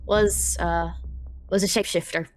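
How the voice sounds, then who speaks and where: A woman's voice: on the low side, steady tone, slight background noise. A woman running a tabletop role-playing game as game master, laughing and swearing freely. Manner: laughing, swearing, quick voice switches.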